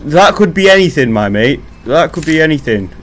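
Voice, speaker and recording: A man's voice: on the high side, gravelly. A young man giving casual, jokey commentary while playing a horror game, swearing and talking back to the game. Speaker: gaming commentator. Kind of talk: casual let's-play commentary.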